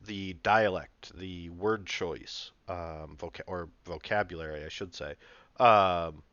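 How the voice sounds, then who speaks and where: A man's voice: low voice, takes it slowly, fairly bright tone, dry recording. A man hosting a casual panel discussion about tabletop role-playing, rambling with many fillers and restarts. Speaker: podcast host and dungeon master. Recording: dull dry lo-fi sound.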